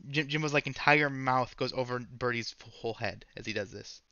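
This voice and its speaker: A man with a bright, forceful voice runs a tabletop game, rambling through scene descriptions and often correcting himself mid-sentence. The sound is dry and close, though a little dull, as from a modest microphone. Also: medium pitch, a little fast, no room sound. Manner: rambling, self-correcting narration. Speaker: game master.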